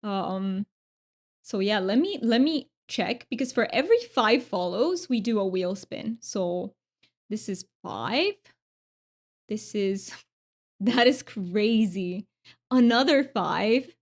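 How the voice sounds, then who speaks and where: A woman's voice: mid-range voice, lively intonation, takes it slowly. A woman from Romania streaming a game, chatting with her viewers in a bubbly, giggly way. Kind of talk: casual live-stream chat.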